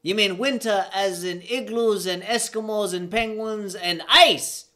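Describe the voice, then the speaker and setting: A drunk man putting on a high-pitched Jamaican accent to play a cocky young pushcart racer who squawks indignant questions. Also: unhurried, sharp tone.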